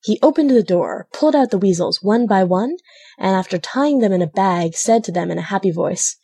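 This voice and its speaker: A woman narrating a classic children's novel as an audiobook, in a steady storytelling delivery. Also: mid-range voice, a little fast, slightly rough. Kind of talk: scripted narration.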